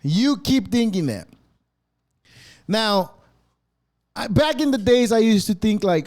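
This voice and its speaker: A man's voice: sits high, animated, slow, pauses often, a little mellow. A man hosting a podcast, delivering a rambling, sarcastic rant full of swearing. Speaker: podcast host. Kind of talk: profane ranting monologue.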